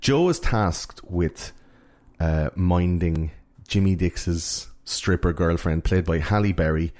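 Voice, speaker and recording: A man with a very low voice talks through a film in casual podcast chat. He rambles, restarts and leans on filler words as he retells scenes. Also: slow pace, darkish tone.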